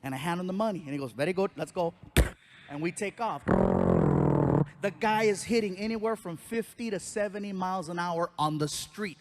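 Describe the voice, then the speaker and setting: A man doing a stand-up comedy routine, telling an animated story and acting out voices and sound effects. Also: sits high, fairly quick, background noise. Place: live comedy stage.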